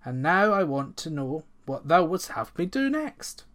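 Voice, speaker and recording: A man reading aloud and voicing a huge young farmhand who speaks calmly and quietly in old-fashioned words. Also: fairly high pitch, unhurried. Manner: calm, quiet, archaic speech. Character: huge, calm young giant farmhand, sly.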